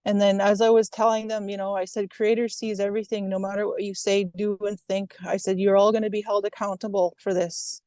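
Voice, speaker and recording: A woman recounting a personal incident at length, retelling what was said in a steady, even way. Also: mid-range voice, a little fast, few pauses, no echo. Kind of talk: first-person account.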